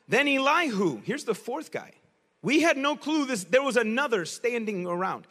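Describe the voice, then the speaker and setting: A man preaching a sermon in a casual, slangy, animated storytelling way. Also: very high voice, moderate pace, long reverb tail.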